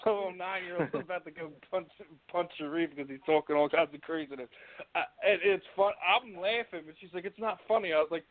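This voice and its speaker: A man's voice: a little high, fairly quick, slight background noise. A man hosting a casual interview, rambling with many fillers and laughing easily. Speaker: podcast host. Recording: tinny phone-like line.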